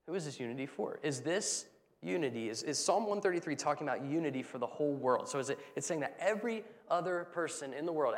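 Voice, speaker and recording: A man's voice: a little high, big-room sound. A pastor delivering a Sunday sermon in a conversational style, often checking in with his listeners through rhetorical questions. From United States.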